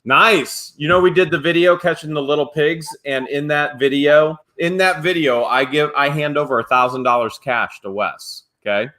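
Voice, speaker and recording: A man's voice: a little high, moderate pace, few pauses, pushed and bright. A man in casual conversation as a show co-host, explaining his views at length in a rambling, opinionated way. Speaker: co-host of a live reseller show. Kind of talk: casual chat.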